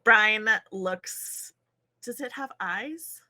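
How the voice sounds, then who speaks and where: A woman playing a tabletop game, excitable and swearing freely. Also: mid-range voice, extremely slow. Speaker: player. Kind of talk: casual tabletop game play.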